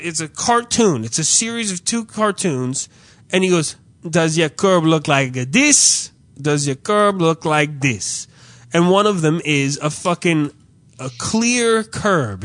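A man's voice: high voice, fairly bright tone, no echo. A man casually telling a comedic story, profane and exasperated, acting out the people in it. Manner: profane, exasperated, acts out quoted dialogue. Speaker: storyteller in podcast chat.

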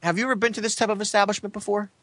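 A man co-hosting a podcast, telling rambling stories in a deadpan way. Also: sits high, racing, no room sound. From New Jersey. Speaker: podcast co-host. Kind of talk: casual chat.

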